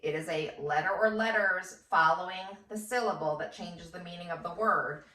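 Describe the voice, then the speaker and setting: A woman's voice: fairly low pitch, moderate pace, bright, forceful tone, far from the mic. A first grade teacher, a woman, giving a patient phonics lesson and sounding out words syllable by syllable. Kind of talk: slow phonics lesson for children. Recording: echoey room, voice off-mic.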